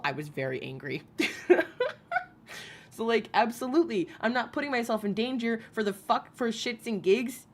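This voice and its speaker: A woman's voice: a little high, expressive, moderate pace. A woman hosting a casual commentary live stream, swearing freely, laughing often and reading viewers' comments aloud. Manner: profane, laughing, reads chat aloud.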